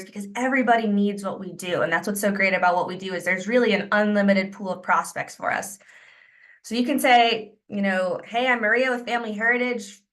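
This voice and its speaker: Woman sales trainer on a video call, upbeat coaching delivery, acts out sample pitches. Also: a bit bright.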